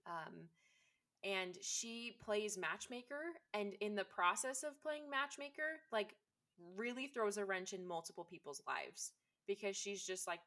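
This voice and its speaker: A woman's voice: mid-range voice, pushed and bright. A woman chatting casually and enthusiastically, with lots of fillers. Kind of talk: casual chat.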